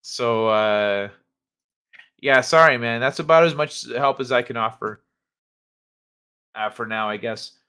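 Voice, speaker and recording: A man's voice: mid-range voice, measured pace, long pauses, sharp tone, clean tone. A man hosting a casual livestream, chatting with viewers in a laid-back, hesitant way with many fillers. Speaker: livestream host.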